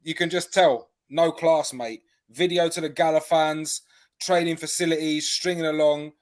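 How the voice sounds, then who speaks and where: Higher-voiced man, blunt and scornful. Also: fairly even intonation, moderate pace. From Canada. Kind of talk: live fan reaction chat.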